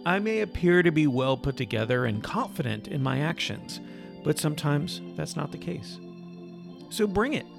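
A man's voice: a little high, sing-song, normal speed, gravelly. A man hosting a podcast, chatting casually with a wry, joking manner. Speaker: podcast host. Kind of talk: casual chat and outro. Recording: music playing under the voice.

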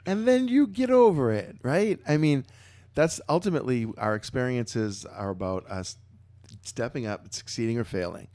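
A man co-hosting a podcast, telling stories about himself in an animated, self-mocking way. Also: medium pitch, moderate pace. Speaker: podcast co-host. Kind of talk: casual chat.

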